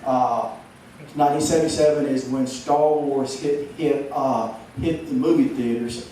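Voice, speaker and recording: A man's voice: mid-range voice, steady tone, measured pace, warm tone. A man, giving a humorous speech and stuttering, repeating words as he goes. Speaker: motivational speaker. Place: large hall. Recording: echoey hall from far off, noisy.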